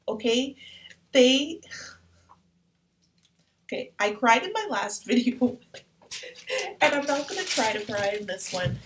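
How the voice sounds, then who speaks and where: A gushing woman talks through an unboxing at a slow, unhurried pace. Her voice sits a little high, and she often drops into whispers. A faint hiss of noise runs behind her. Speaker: art vlogger unboxing sponsored markers. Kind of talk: casual unboxing vlog.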